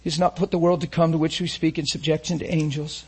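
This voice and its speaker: A male preacher with a husky, slightly raised voice delivers an intense sermon. He moves from loud, emphatic declarations to soft, hushed lines and keeps pressing his congregation with rhetorical questions. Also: a little high, flat delivery, quick pace.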